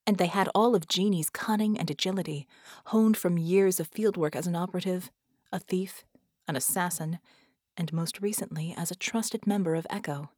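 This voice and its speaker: A woman reading an audiobook in a measured, expressive narration. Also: lowish voice, no room sound, clean studio sound. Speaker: audiobook reader. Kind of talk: scripted narration.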